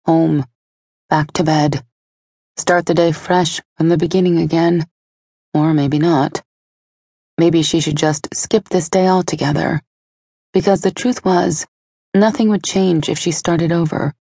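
A woman narrating an audiobook in a steady, even storytelling delivery on a close studio mic. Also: deep voice, creaky, husky, no room sound.

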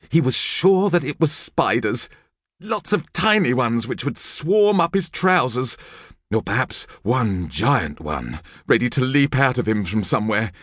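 A man narrating a children's audiobook with lively, expressive storytelling. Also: fairly low pitch, husky, no echo, studio quality.

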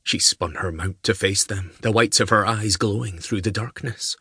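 A man narrating an audiobook in a measured storytelling manner. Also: fairly low pitch, pushed and bright, slightly rough, dry recording, studio quality. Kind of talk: scripted narration.

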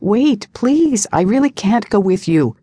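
A woman voicing a small, flustered young female student who pleads in a higher voice. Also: very animated, a little slow, dark tone, slightly rough, no echo, studio quality, exaggerated voice.

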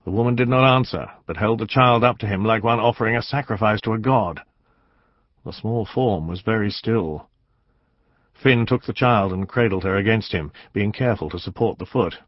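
A man's voice: on the low side, dry recording, highs cut off. Man narrating a historical novel. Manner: measured, dramatic storytelling. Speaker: audiobook narrator. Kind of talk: scripted narration.

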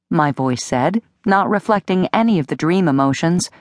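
A woman narrating a first-person audiobook in an expressive, animated way, close to a studio mic. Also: on the low side, moderate pace, dry recording. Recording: dry studio audiobook recording.

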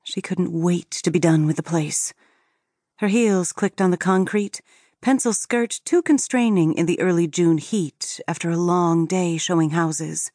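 A woman narrating an audiobook with steady, expressive storytelling. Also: on the low side, a little slow, no room sound, studio quality.

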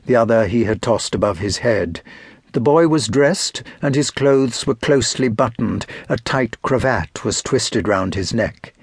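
Measured, expressive male storyteller reading literary fiction, unhurried and lively in pitch. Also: slightly rough, no echo, studio quality. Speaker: audiobook narrator. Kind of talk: scripted audiobook narration.

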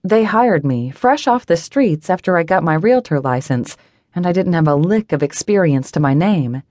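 A woman narrating a first-person audiobook, telling the story in an expressive, wry manner. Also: on the low side, normal speed, no echo, studio quality. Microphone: studio microphone, dry booth.

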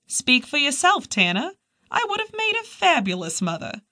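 A woman narrating an audiobook, voicing a brash, middle-aged female psychiatrist with a booming voice and a New England accent who talks bluntly and cracks bawdy jokes. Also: wildly swooping pitch, moderate pace, pushed and bright, full character voice. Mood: brash joking. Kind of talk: audiobook character reading.

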